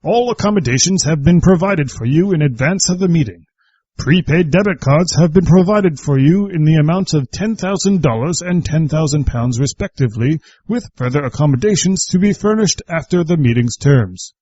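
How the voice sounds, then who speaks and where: A man voicing a formal British male solicitor in a put-on British accent, with slow, pompous legal phrasing. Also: fairly high pitch, lively intonation, dark tone, slightly rough, no room sound, pitched above the performer's own voice. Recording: dull lo-fi recording.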